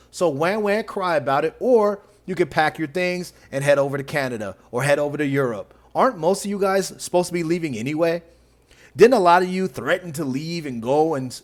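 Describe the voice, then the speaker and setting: A man commenting on clips in a reaction video. His voice sits a bit on the high side, and he delivers his commentary in a sarcastic, mocking way, often breaking into laughter.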